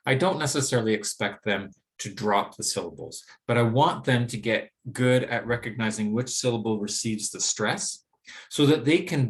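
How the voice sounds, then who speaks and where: In a recorded English pronunciation lesson, a man with a medium-pitched voice explains clearly and pronounces example words slowly and deliberately.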